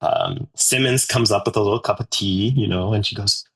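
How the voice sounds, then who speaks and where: Low-voiced man narrating as game master. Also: a little fast, fairly bright tone, husky. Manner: casual, rambling with many fillers.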